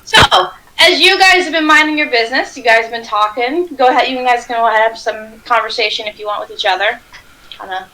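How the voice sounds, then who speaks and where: A woman narrating a tabletop game as game master, telling the scene in a lively, quick way. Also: fairly high pitch, slight background noise, poor audio.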